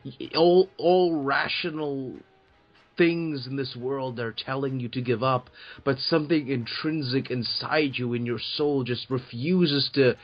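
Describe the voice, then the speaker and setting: A man co-hosting a casual comic book talk, excitable, swearing and making grand sweeping statements. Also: mid-range voice, a little slow. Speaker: podcast co-host. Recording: dull lo-fi recording.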